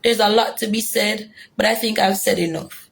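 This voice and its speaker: A woman's voice: medium pitch, steady tone, normal speed, gravelly. A young Jamaican woman giving an earnest, emotional personal testimony, repeating herself for emphasis. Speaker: former detainee telling her story.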